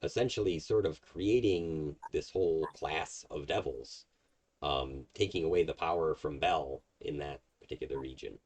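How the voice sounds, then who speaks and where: A man's voice: a bass voice, normal speed, darkish tone, slightly rough. A man narrating as game master of a tabletop game, explaining at length with many fillers. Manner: rambling, filler-heavy explaining.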